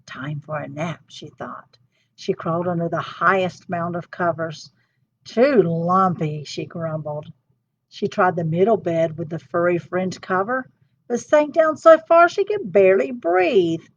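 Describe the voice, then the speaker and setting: A woman's voice: fairly low pitch, measured pace, a little hiss or hum. A woman hosting a storytime, reading a children's book aloud with expression. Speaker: storytime host. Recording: dull lo-fi sound.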